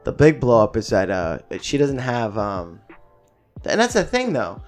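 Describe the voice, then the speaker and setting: Young man, podcast co-host, animated, profane, casual storytelling, faint music. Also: mid-range voice, a little slow. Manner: animated, swears a lot, acts out family quotes.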